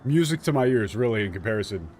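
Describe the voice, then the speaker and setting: A man streaming a game, giving irreverent, swearing commentary and haltingly translating lines. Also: fairly low pitch, lively intonation, a little mellow, a little hiss or hum. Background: game music.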